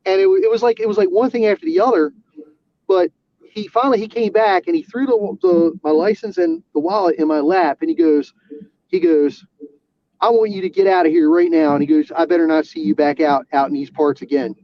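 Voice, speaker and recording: Halting man telling a story, dull audio. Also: a little high. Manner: halting, many restarts and fillers. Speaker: guest, auxiliary police officer. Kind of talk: casual storytelling. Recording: dull lo-fi sound.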